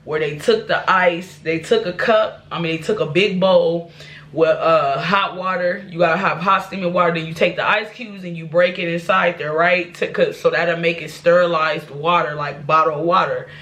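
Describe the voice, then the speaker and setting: A woman's voice: fairly low pitch, fairly even intonation, normal speed, a bit bright. A woman vlogger telling a personal life story to her viewers, candid and rambling, with restarts and asides. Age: adult.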